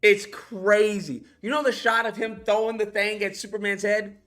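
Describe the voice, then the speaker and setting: Bright-voiced man ranting about a film. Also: sits high, steady tone, normal speed, soft background music. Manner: rambling, profane, frequent restarts. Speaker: animation YouTuber. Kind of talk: casual movie review rant.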